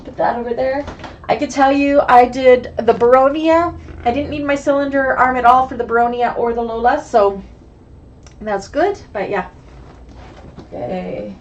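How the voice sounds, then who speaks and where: A woman with a cold, raspy and sniffly, chatting through a live online bag-making class and greeting viewers by name. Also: fairly high pitch, normal speed, highs cut off. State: sick with a cold, hoarse and sniffly. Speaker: bag-making sewing instructor.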